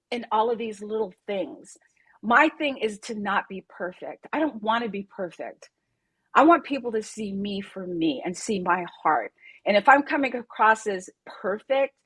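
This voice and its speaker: A soft-spoken woman who teaches Pilates talks earnestly on a conference panel, laughing often. Her voice sits a little high and has a husky edge. The sound is close and dry. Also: dry recording. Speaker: Pilates instructor, guest speaker.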